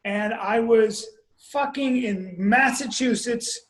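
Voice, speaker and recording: A man co-hosting a podcast, telling a story in relaxed casual chat and swearing freely. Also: extremely high pitch, slow, echoey room. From grew up abroad, moved to America as a teen. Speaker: podcast co-host.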